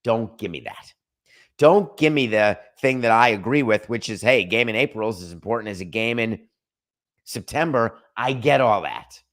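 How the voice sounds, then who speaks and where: A middle-aged man with a lowish voice delivers an opinionated sports commentary monologue as host of his show. He is sarcastic and emphatic, hammering his points home and mocking excuses. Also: expressive, moderate pace, a bit bright. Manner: sarcastic, emphatic, rants with mock quotes.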